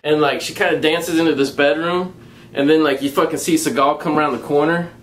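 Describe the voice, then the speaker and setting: A man giving a casual, profanity-laden movie review, recounting the plot in a crude, mocking, animated way and laughing along. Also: a little high, a little fast, a little hiss or hum.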